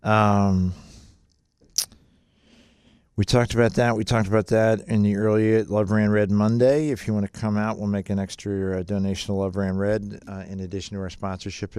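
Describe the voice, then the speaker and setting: A middle-aged man on a radio call-in show, talking in a somewhat low voice that sits dry and close to the mic. He chats loosely and pokes fun at himself, then walks listeners through finance points and says the important ones twice. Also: gravelly, a little mellow, clean tone, no echo. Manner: chatty, self-mocking, repeats key points. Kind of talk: casual radio talk on retirement finance.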